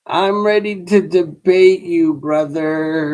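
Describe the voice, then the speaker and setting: A man hosts a casual livestream and talks with his chat in an unhurried, drawn-out way. His voice sits high for a man. He sounds tired and dismissive, and he drops "bro" into almost every line. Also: steady tone, a little mellow. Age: adult. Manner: laid-back slangy talk, says bro a lot; dismissive toward a chat troll. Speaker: livestream host.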